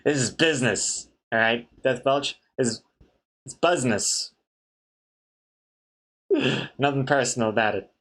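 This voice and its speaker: A man's voice: medium pitch, measured pace, pauses often, fairly bright tone. Chatty man streaming while drawing. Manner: chatty, reads chat aloud, laughs at jokes. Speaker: comic artist streamer. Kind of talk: casual live-stream chat.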